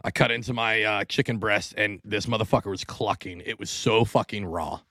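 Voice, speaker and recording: A man's voice: fairly low pitch, steady tone, brisk, pushed and bright, no echo. A man hosting a podcast, telling rants and stories in casual banter, with heavy cursing. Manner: profane, ranting storyteller.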